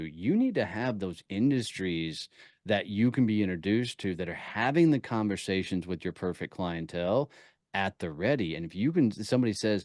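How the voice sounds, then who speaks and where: A man talking as a podcast guest, telling energetic stories with punchy emphasis. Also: lowish voice, normal speed, dry recording, studio quality. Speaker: podcast guest, networking speaker. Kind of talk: casual interview talk.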